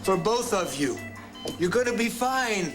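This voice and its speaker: Gentle, anxious dad at a hospital bedside, soap opera tone, music bed. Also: male voice, high voice, lively intonation, unhurried. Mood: tender. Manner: soothing, pleading. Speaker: worried father.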